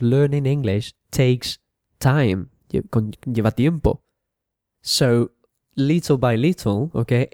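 A man teaching English to beginners at a very unhurried pace, repeating each word and pausing to check with okay. His voice is mellow and dark, and the recording sounds dry and close. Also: mid-range voice, no room sound. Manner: repeats each word, adds quick translations, often asks okay. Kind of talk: slow bilingual beginner lesson.

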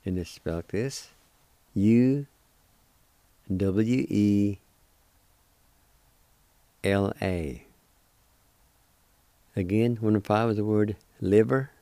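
A man hosting a radio language lesson, speaking slowly and deliberately and breaking words into syllables that he says again and again. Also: on the low side, mellow, dry recording. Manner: spells out and repeats words syllable by syllable. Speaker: radio host teaching Cherokee words.

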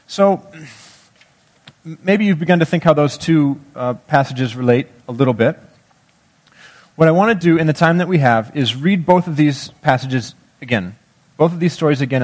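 Male pastor, measured sermon voice. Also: on the high side. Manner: conversational, guiding listeners through imaginative reading; slow, measured scripture reading. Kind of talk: sermon with scripture reading.

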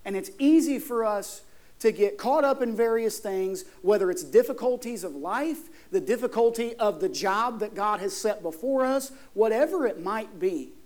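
High-voiced preaching pastor, man. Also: expressive, moderate pace, darkish tone. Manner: preaching with rising emphasis, rhetorical questions to the congregation. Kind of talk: sermon.

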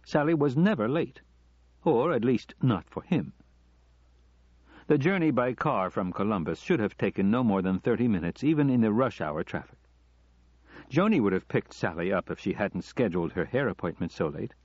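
Low-voiced male audiobook narrator. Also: lively intonation, normal speed, a little mellow, husky, no room sound. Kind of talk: scripted narration. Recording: slightly dull lo-fi recording.

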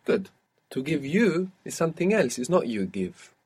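A man's voice: a little high, very animated, moderate pace, darkish tone, husky. Patient man teaching a language lesson. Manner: patient, prompting and correcting a learner.

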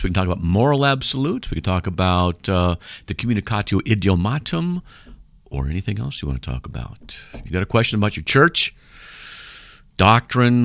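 Male call-in radio host, emphatic preacher, low lively voice on a dry studio mic. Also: dry recording. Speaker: radio talk show host. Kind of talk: live call-in radio talk. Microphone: studio microphone.

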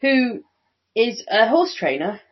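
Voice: mid-range voice, sing-song, slow, slightly rough. A co-host on a casual film podcast who recaps the plot and asks easygoing questions. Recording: dull home recording.

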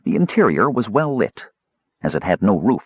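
A man reading fantasy fiction aloud as an audiobook narrator, steady storytelling with varied voices. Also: on the low side, normal speed, husky, no room sound, lo-fi sound. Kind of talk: scripted narration.

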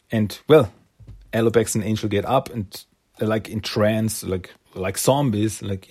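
A man's voice: fairly low pitch, a little slow, darkish tone, breathy edge. A man casually retelling a comic story, rambling with fillers and slipping into character voices. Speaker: comic recap host.

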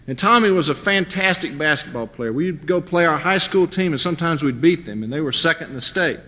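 A man's voice: on the high side, a little fast. A man telling stories from his youth in a sermon, acting out his friends' voices as he goes. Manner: animated storyteller, mimics friends. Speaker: preacher. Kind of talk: sermon with storytelling. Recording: long hall reverb.

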